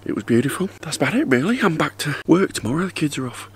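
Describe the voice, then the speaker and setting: This middle-aged vlogger has a slightly high, sing-song voice and speaks quickly. He rambles to a handheld camera in his back garden by the hot tub while doing chores, with a touch of hiss or hum in the recording.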